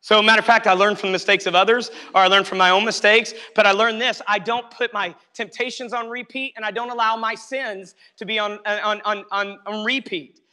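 A man's voice: high voice, fairly even intonation, brisk, few pauses, pushed and bright, smooth. A male pastor preaching a sermon, emphatic and repetitive, often calling out to the congregation to listen. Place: church sanctuary. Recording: long hall reverb.

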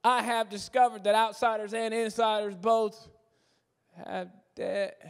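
A high-pitched man delivers a lively, joking sermon, slipping into the voices of different churchgoers as he talks. His voice rings out with the long reverb of a big church hall. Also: a little slow, clear, resonant tone. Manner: animated, acts out voices of churchgoers, jokey asides. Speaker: guest preacher. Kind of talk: humorous conversational sermon. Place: large church sanctuary.

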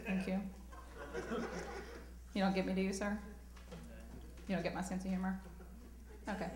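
A woman's voice: medium pitch, little pitch movement, moderate pace. Southern woman doing stand-up, echoey club. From Southern US countryside. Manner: drawling, self-mocking, breaks into shouted rap bits. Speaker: stand-up comedian. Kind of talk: stand-up comedy set. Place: comedy club stage.

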